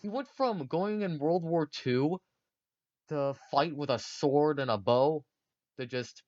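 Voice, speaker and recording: A man's voice: fairly high pitch, slow, darkish tone, no room sound, lo-fi sound. A man casually narrating history for a video, rambling and joking with many fillers.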